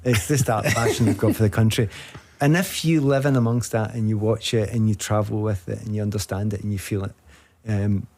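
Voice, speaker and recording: A man with a Scottish accent, a guest telling a funny football story in casual chat, animated and laughing often as he acts out the voices of the people he met. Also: lowish voice, brisk, hardly any pauses. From Scotland.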